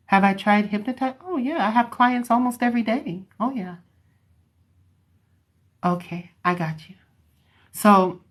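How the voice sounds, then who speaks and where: A woman hypnotherapist chatting casually with her viewers, explaining how she works. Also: lowish voice. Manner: chatty, loose, talks straight to viewers; slows down and softens her voice when demonstrating.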